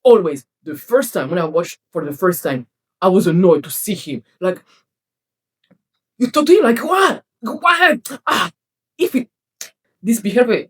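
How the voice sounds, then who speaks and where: A woman vlogger ranting to camera about a TV series, passionate and exasperated, swinging between loud outbursts and low mutters. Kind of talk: casual rant to camera.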